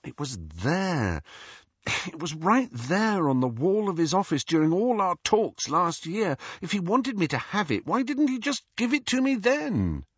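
A man's voice: sits high, big pitch swings, measured pace, slightly rough, no echo, pitched above the performer's own voice, full character voice. A man voicing an earnest, puzzled teenage boy in an audiobook reading. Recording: dull lo-fi audiobook recording.

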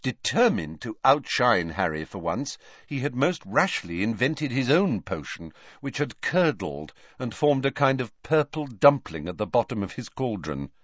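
A man narrating an audiobook in an expressive reading. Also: mid-range voice, unhurried, few pauses, no room sound. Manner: expressive, character-voiced reading. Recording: dull lo-fi dry recording.

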